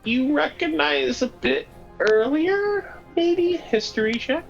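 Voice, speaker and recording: A lively game master narrating a tabletop game. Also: sits high, slow, creaky, dull audio, faint music behind. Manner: lively, chatty narration with fillers.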